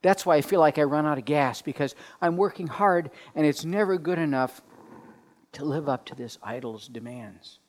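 A man delivering a sermon as pastor, telling stories with lively put-on voices and dropping to quiet asides. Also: on the high side, moderate pace. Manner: animated storytelling, drops to quiet asides. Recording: long reverb of a large hall.

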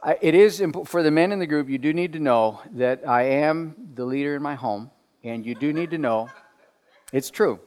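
A man delivering a sermon as pastor, telling stories with lively put-on voices and dropping to quiet asides. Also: on the high side, normal speed. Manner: animated storytelling, drops to quiet asides. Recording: long reverb of a large hall.

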